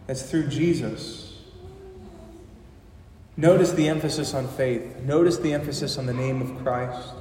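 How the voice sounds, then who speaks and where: A man preaches a sermon in a church sanctuary, heard from a distance in a long, echoing hall. He is impassioned, slowing his words for emphasis and swelling in volume. Faint room ambience sits under his voice. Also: mid-range voice, a little mellow, a little hiss or hum. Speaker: pastor. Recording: echoey hall from far off.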